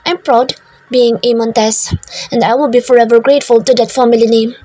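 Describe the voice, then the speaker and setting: A woman's voice: a little high, steady tone, normal speed, warm tone, dry recording, soft background music. A woman reading a first-person romance story, switching between English and Tagalog, in a stern, bossy tone. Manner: stern, bossy narrator voicing a strict company owner.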